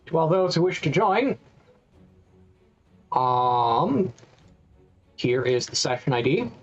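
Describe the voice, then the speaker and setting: A man's voice: fairly high pitch, very animated, slow pace, dull audio, soft background music. A man streaming a game, casually thinking aloud in stop-start phrases and talking to his chat. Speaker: gaming streamer. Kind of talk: casual live-stream commentary while playing.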